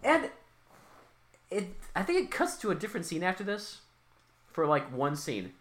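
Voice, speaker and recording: Podcast co-host, excitable recap chat, sweary, animated pitch, bright sharp tone. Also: fairly quick, slight background noise. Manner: excitable, swears freely, bursts of loud exclaiming. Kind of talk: casual movie recap chat.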